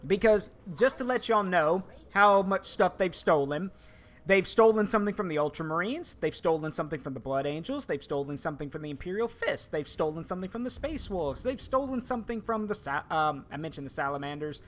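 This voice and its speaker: A man with a higher-than-usual voice chats casually during a game stream. He tells anecdotes with an animated, amused delivery and laughs at his own jokes. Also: fairly quick. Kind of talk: casual gaming chat.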